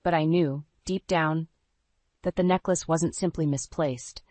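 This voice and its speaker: Woman narrator, low voice, dry close sound, scripted first-person story. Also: fairly even intonation, measured pace, darkish tone, dry recording.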